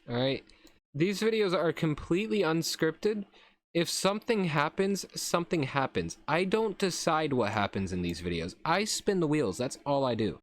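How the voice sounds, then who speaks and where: A young man casually commentating a wheel-spin game, sarcastic and self-mocking, swearing now and then. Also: a little high. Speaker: YouTube commentator.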